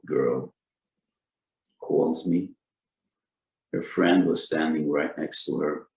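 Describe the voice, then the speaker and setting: Rabbi lecturing on Jewish law: deep gravelly male voice, slow deliberate delivery, echoey room. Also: a little mellow. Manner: deliberate, cites sources with Hebrew terms. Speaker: rabbi giving a Torah lecture.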